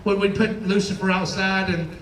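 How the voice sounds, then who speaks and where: A man's voice: high voice, fairly even intonation, normal speed, a bit bright, echoey room, far from the mic, poor audio. A man doing a stand-up comedy set, telling chatty stories and acting out quoted voices. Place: comedy club stage.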